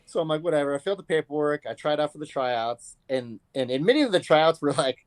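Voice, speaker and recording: A man's voice: on the high side, lively intonation, quick pace, no echo. A man in his thirties telling a story casually in an interview, loose and profane, acting out what people said. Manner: loose, profane, acts out quotes. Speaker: fighter being interviewed.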